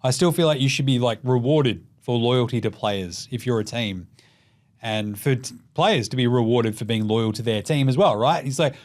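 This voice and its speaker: A man's voice: medium pitch, normal speed. Profane, jokey Australian man. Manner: profane, jokey, animated with mocking put-on voices. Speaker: podcast host. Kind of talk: casual sports commentary.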